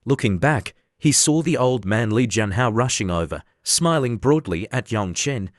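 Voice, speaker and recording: A man narrating an animated story recap in a steady, scripted reading. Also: mid-range voice, unhurried, dry recording, studio quality.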